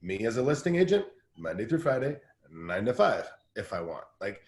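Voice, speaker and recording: A man talking in a casual interview as a guest coach, telling energetic stories with lots of restarts. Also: on the low side, echoey room. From Southern California. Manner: energetic, fast storytelling with many restarts. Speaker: guest team-building coach.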